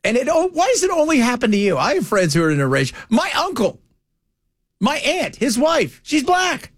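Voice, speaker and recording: Male talk radio host, high animated voice, dry close studio sound, joking banter. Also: normal speed, no room sound. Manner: animated, mocking put-on voices. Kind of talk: casual banter.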